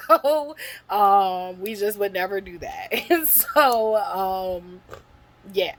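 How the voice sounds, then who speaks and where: A woman tells a personal story straight to her audience in a loose, casual monologue. She talks bluntly and swears freely, with lively emphasis. Her voice sits at a medium pitch for a woman. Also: slow pace, low-quality recording. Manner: blunt, profane and animated. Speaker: storytelling vlogger.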